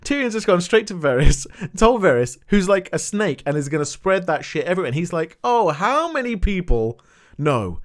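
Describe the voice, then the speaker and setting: A young man recapping a TV episode in a casual rant, animated and swearing, with exasperated outbursts. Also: sits high, fairly quick, hardly any pauses. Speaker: TV recap vlogger.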